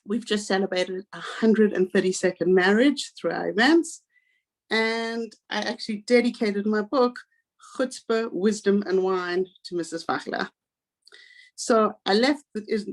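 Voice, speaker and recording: South African woman in her forties, guest speaker, lively personal storyteller, mid-pitched voice. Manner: animated, acts out quoted voices.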